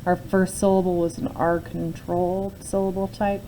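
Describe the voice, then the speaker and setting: A woman's voice: on the low side, level tone, normal speed, dark tone, a little hiss or hum, low-quality recording. A woman teacher talking through a spelling and syllable lesson step by step, often checking in with her students. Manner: patient, explains step by step with frequent "okay?" check-ins. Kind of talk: phonics lesson, talking through a word sort.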